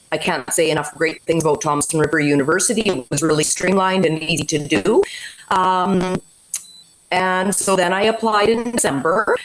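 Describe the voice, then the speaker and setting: A woman in her forties talks casually over a video call. Her voice sits a little low, and she rambles with many fillers. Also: poor audio. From Canada. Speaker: teacher candidate. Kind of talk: casual webinar talk.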